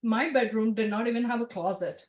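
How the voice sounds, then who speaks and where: Une conteuse d'une quarantaine d'années raconte un souvenir personnel devant un public, sur un ton animé et familier. Sa voix est assez aiguë. La salle renvoie un écho marqué. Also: female voice, on the high side, a little fast, roomy sound. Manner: conversational, animated, with asides to the audience. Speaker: storyteller. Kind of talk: personal storytelling to a live audience. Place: event room with a live audience.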